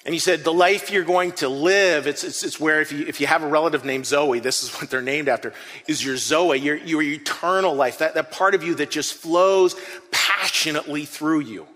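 A bright, fairly high-voiced man preaches to his congregation in an earnest, animated way, stumbling and repeating words as he goes. His voice rings out through a church hall with a long reverb tail. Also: normal speed. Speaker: pastor. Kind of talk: interactive sermon.

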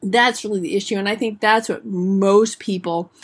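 A woman dog trainer in casual conversation, speaking in a measured, thoughtful way. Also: mid-range voice, fairly even intonation, slightly rough.

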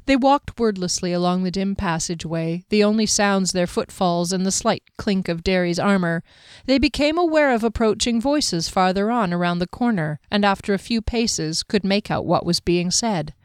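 A woman narrating a fantasy novel in a measured, expressive reading. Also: mid-range voice, clear, resonant tone, no echo, studio quality. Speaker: audiobook narrator.

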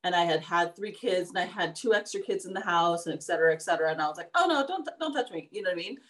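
A woman's voice: fairly low pitch, steady tone, rapid-fire, a bit bright. A middle-aged woman co-hosting a podcast, speaking earnestly and encouragingly in casual chat. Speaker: podcast co-host.

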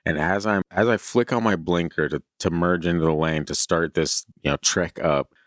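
A man with an extremely low voice talks casually as a podcast co-host, rambling through a story with many fillers. He is chewing candy as he speaks. The sound is dry and close. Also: moderate pace, no room sound. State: chewing candy while talking. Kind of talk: casual chat.

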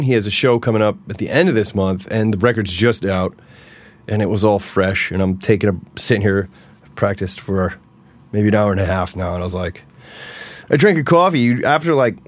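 Rambling, chatty man with a lowish voice. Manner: rambling, chatty and enthusiastic, often laughing. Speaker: musician and podcast host. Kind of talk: casual solo podcast monologue. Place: indoor practice room.

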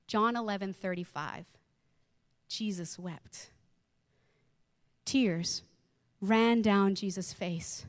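A woman preaching a sermon, reading scripture and telling a personal story in an expressive way that acts out the voices she quotes. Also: medium pitch, in a large hall.

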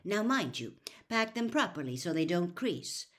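A woman voicing a fussy, cross mother who scolds briskly in a raised voice. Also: on the low side, very animated, a bit bright. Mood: scolding.

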